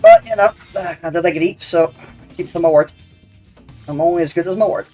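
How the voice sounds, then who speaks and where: Sweary young streamer. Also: male voice, a little high, fairly quick, a little mellow. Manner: crude, sweary banter with chat; rambling, laughs often. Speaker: game streamer. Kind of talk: casual gaming stream chat. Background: faint game music.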